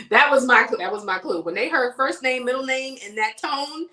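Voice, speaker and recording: A woman's voice: fairly high pitch, animated, unhurried, long pauses, pushed and bright. Chatty woman livestreaming her makeup. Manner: chatty, addresses viewers as y'all and girl. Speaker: beauty livestream host. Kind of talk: casual chat while doing makeup. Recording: echoey room sound.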